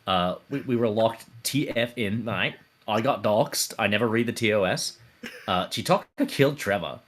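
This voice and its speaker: A man's voice: lowish voice, moderate pace, a bit bright. A man voicing a brash young Australian adventurer in a tabletop game, with a put-on Australian accent, rambling with fillers and calling everyone mate. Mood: recapping. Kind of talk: in-character tabletop game recap.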